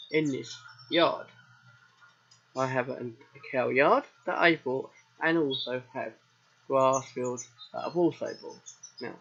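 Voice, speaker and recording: An Englishman with a southern accent rambles casually to viewers while streaming a farming game, let's-play style. His mid-range voice has vocal fry, a sharp tone and a breathy edge, captured on a dull lo-fi recording.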